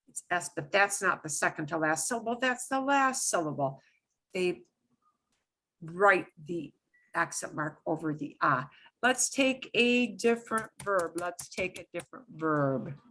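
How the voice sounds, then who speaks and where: Bright, playful woman teaching a lesson. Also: fairly low pitch, takes it slowly. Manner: animated, playful exclamations while explaining. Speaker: Spanish teacher. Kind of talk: online beginner language lesson.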